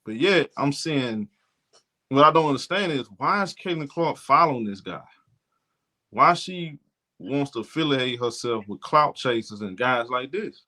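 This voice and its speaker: A man's voice: medium pitch, lively intonation, a little slow, sharp tone. A man hosting a sports talk show, giving blunt, indignant commentary and often repeating himself.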